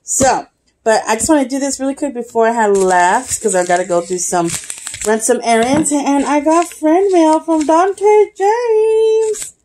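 A bubbly young woman with a slightly high voice chats through an unboxing for her channel. She gushes and giggles as she goes. A faint hiss sits under her voice. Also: a little slow. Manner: excitable, gushing, giggly. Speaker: YouTube vlogger. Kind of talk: casual unboxing vlog. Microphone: camera, face not shown.

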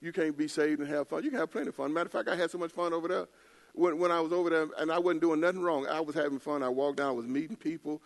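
A man's voice: fairly high pitch, fairly even intonation, racing, gravelly. An older man preaching a casual sermon, telling stories in a loose colloquial way with laughing asides. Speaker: pastor. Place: church.

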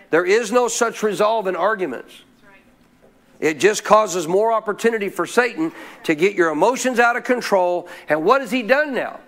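Man, pastor, high voice, sermon, asks the congregation questions, repeats phrases for emphasis. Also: animated, moderate pace, fairly bright tone. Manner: preaching with call-and-response questions.

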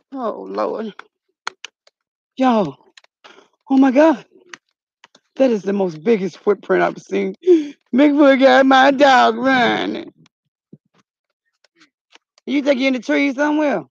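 A woman's voice: a little high, a little slow, gravelly, pauses often, slightly rough, dry recording, muffled recording. A woman hosting a comedic outdoor vlog in the cold, fretting aloud and calling out for her missing dog. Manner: excitable, frets aloud, calls out a dog's name. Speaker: channel host.

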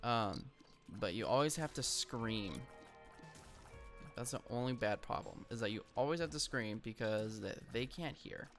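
A young man hosting a gaming channel speaks from home in an expressive, unhurried, slightly bright mid-range voice, faint music behind him. He rambles casually through a story while playing, with frequent ums and flashes of frustration.

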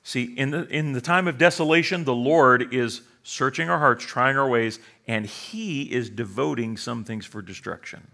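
A man's voice: mid-range voice, normal speed, gravelly, few pauses, bright, forceful tone. A middle-aged male pastor preaching a sermon with humor, sarcastic asides and acted-out quoted voices.

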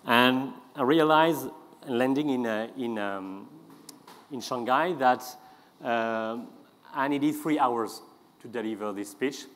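A man with a French accent giving a conference talk, halting often with fillers and restarts. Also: medium pitch, a bit bright, slight background noise. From France. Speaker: speaker. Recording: long hall reverb.

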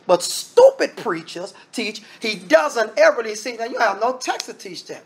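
A man's voice: extremely high pitch, big pitch swings, normal speed, breathy edge. A man preaching a sermon as minister, emphatic and repetitive, firing rhetorical questions and calling the congregation brethren. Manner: addresses listeners directly as brethren.

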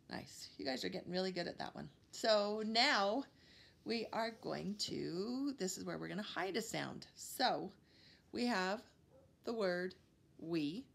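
A woman preschool teacher giving a phonics lesson to young children, sounding out letters slowly and praising them warmly. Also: medium pitch, gravelly. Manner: slow, encouraging, sounding out letters for small kids.

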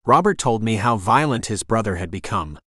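A cold, scheming older woman killer, as a male narrator puts her on, sharp and bossy. Her lines move with a lively pitch in a dry, close recording. The audiobook tone stays taut and scornful. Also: brisk, breathy edge, no room sound, full character voice. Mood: defensive.

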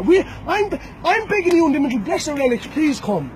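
An Irish man with a strikingly high voice that swings up and down a lot delivers a fighter's recorded challenge. He taunts and threatens, circling back to the same names and phrases again and again. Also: very animated, brisk, few pauses, a little hiss or hum, low-quality recording. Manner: taunting and threatening, repeats names and "boys" often. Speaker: bare-knuckle fighter.

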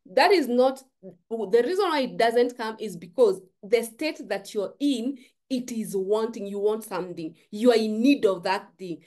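A woman's voice: medium pitch, moderate pace, darkish tone. A woman giving an emphatic, preachy motivational talk to camera, repeating phrases for stress. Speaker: forex trading YouTuber.

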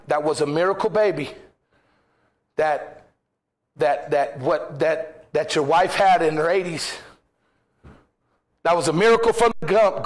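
A man's voice: on the high side, measured pace, long pauses. A man preaching a sermon as pastor in a church, impassioned, firing rhetorical questions and acting out quoted voices.

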